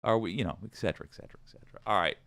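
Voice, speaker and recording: A man's voice: on the low side, very fast, gravelly, fairly bright tone, dry recording, studio quality. A man hosting a political commentary show, talking casually with wry, profane, rambling asides.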